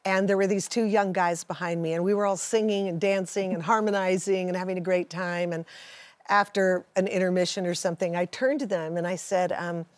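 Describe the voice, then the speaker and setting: A woman singer chatting as a guest, telling anecdotes in a lively, easy way. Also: lowish voice, brisk, no echo. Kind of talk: casual chat interview.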